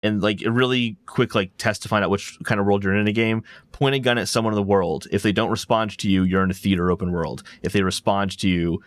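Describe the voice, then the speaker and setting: A man's voice: on the low side, steady tone, quick pace, few pauses, no echo. A man co-hosting a casual gaming podcast, telling stories in a rambling, enthusiastic way. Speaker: podcast co-host.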